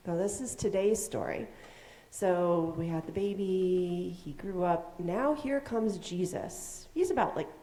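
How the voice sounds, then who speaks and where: Woman leading children's time in a sanctuary; mellow, animated storyteller, roomy echo. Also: fairly low pitch. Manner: animated, asks questions, acts out voices. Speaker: children's message leader. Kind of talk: children's sermon, storytelling to kids. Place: church sanctuary. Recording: echoey sanctuary.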